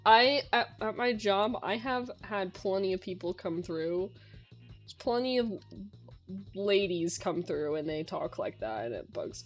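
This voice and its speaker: A young woman streamer chats through viewer questions, full of "um" and "like." She talks at an easy, unhurried pace and a middling pitch. Faint music plays underneath. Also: lively intonation. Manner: chatty, lots of filler words. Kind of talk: casual Q&A chat.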